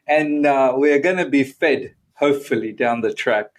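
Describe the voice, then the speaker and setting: A man co-hosts a casual fan podcast. He speaks in a relaxed, easygoing way at a middle pitch. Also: normal speed. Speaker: podcast co-host. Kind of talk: casual chat.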